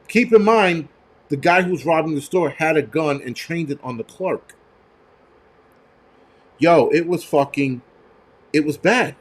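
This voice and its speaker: On his livestream, a man who works as a firefighter rants with blunt profanity and recounts stories from the job, speaking in a high-pitched, unhurried voice broken by long pauses.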